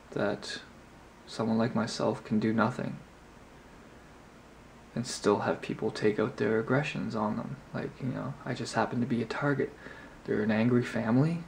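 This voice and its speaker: A man's voice: mid-range voice, vocal fry, slight background noise. A man vlogging, telling a story casually to camera in a rambling way with lots of filler words. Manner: rambling, heavy on "you know" fillers.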